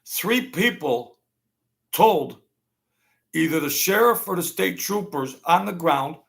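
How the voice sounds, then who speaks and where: A man's voice: on the high side, animated, takes it slowly, vocal fry, fairly bright tone. A man hosting a casual livestream rant, blunt and slangy, rambling and stuttering as he goes. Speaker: livestream host.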